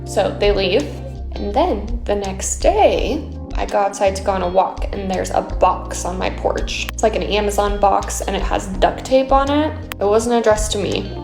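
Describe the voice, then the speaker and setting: A woman casually recounting a story for a storytime video, incredulous and animated. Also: medium pitch, normal speed, music in the background. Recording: echoey room.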